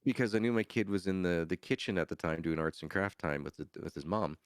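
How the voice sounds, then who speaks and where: A man's voice: deep voice, fast talker, clear, resonant tone, dry recording, studio quality. A man chatting casually as a podcast guest, rambling and laughing often. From Canada. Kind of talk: casual chat.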